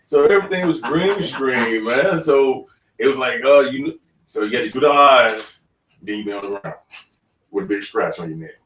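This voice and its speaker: A man, an actor guest in an interview, telling stories in a lively way and laughing often. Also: medium pitch, normal speed, a little hiss or hum. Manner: animated storyteller, laughs often. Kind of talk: casual interview talk. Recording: roomy studio, mic at a distance.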